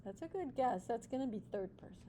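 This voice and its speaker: High-voiced encouraging woman teacher. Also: animated, quick pace, warm tone, slight background noise. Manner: encouraging, mixes in Spanish praise and playful nicknames for students; explains step by step with repeated check-in questions. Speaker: Spanish teacher. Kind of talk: classroom teaching. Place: classroom with students.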